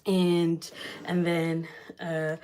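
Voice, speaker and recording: A woman hosting a cooking channel, telling a family story in a casual, halting way while she cooks, with many fillers and restarts. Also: on the low side, completely flat delivery, mellow, slight background noise.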